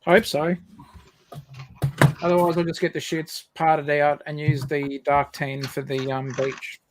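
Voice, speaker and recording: A man's voice: a little high, flat delivery, a little slow, background noise. A man making easygoing, casual chat on a livestream and laughing often.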